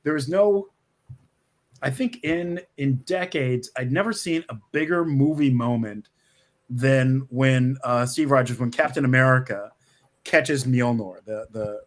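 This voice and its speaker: This middle-aged screenwriter speaks at medium pitch without hurrying. As a guest in a conversational interview over a video call from his office, he tells stories animatedly, often restarting sentences and laughing.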